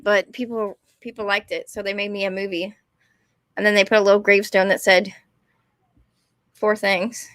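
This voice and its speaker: A woman's voice: mid-range voice, flat delivery, normal speed, pauses often, a bit bright, dry recording, clean studio sound. A young woman, ranting casually and rambling, often apologizing and putting herself down. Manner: rambling, apologetic, self-deprecating. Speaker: vlogger.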